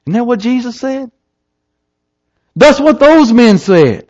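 A man preaching an evening sermon, emphatic and lively, asking the listeners rhetorical questions. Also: very high-pitched, moderate pace. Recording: slightly dull lo-fi recording.

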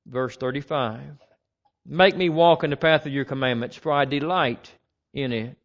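A man preaching a Sunday sermon, his voice sitting a bit higher than most men's. He reads the scripture verses slowly and with mounting emphasis. The recording is muffled and lo-fi. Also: lively intonation.

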